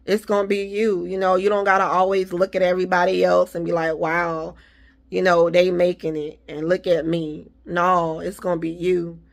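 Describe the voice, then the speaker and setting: A woman's voice: fairly low pitch, little pitch movement, normal speed, vocal fry. A woman talking casually to her viewers, giving faith-filled encouragement and repeating her reassurances. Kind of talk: casual motivational talk.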